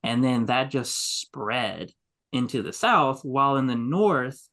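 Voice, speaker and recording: A man's voice: medium pitch, expressive, takes it slowly, a bit bright. A man co-hosting a podcast, explaining casually with many fillers and restarts. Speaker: podcast co-host. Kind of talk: casual chat.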